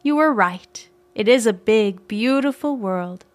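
A woman's voice: fairly high pitch, lively intonation, unhurried. Storybook read-aloud: a mysterious, kindly man, voiced by a woman, knowing in tone. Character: mysterious, friendly grown man who winks.

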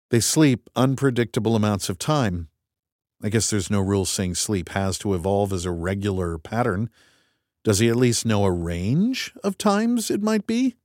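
Wry low-voiced male audiobook narrator. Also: animated, moderate pace, darkish tone, no echo. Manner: dry, wry and methodical. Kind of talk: first-person scripted narration.

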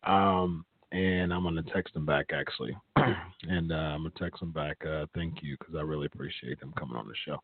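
A man's voice: rumbling low, brisk, husky, no room sound. A man hosting a podcast in casual chat, laid-back and often calling his guest "man.". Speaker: podcast host. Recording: tinny phone-like line.

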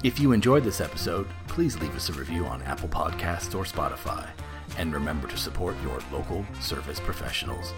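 Male outro announcer, very deep voice, lively scripted read over music. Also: a little fast.

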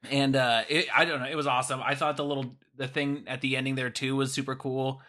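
A man co-hosting a wrestling podcast, excitable and quick to swear and laugh in casual chat. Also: mid-range voice. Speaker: podcast co-host.

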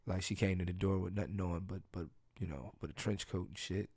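A man's voice: sits low, fairly even intonation, a little fast, a little mellow, breathy edge, no echo, clean studio sound. Crude, joking man telling stories. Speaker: podcast host. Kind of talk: casual solo storytelling.

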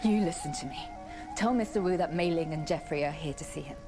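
A woman's voice: sits low, a little fast, music in the background, close to an everyday voice. An actress playing a firm, commanding young woman caught up in a heist in a live-action game. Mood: demanding.

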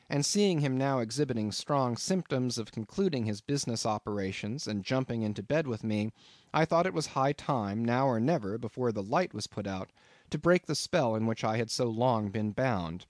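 A man reading a classic novel aloud as an audiobook narrator, in an expressive, dramatic way. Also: mid-range voice, dry recording, clean studio sound.

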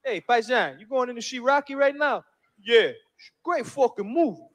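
A man's voice: very high-pitched, lively intonation, heavy background noise. A man voicing a brash, profane Italian-American moviegoer in a stand-up comedy bit. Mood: swaggering. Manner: swaggering, profane, quick to pick fights.

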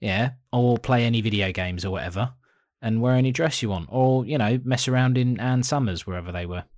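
British man, mid-pitched voice, loose joking chat, dry close sound. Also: a little fast, darkish tone, no room sound. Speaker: podcast co-host. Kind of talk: casual chat.

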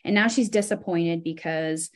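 Animated reflective woman guest. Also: lowish voice, normal speed. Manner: reflective, animated when telling stories. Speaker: podcast guest. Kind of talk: casual conversational interview.

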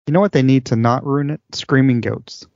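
A man co-hosting a casual chat, relaxed and agreeable, giving short remarks about a film. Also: mid-range voice, fairly quick, dry recording. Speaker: podcast co-host. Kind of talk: casual chat reviewing a movie. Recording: dull dry lo-fi sound.

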